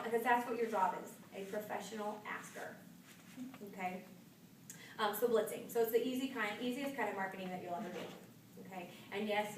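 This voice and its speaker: A woman giving a live sales training talk, chatty and upbeat, telling stories from her own work. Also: medium pitch. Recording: echoey room from far off with noise.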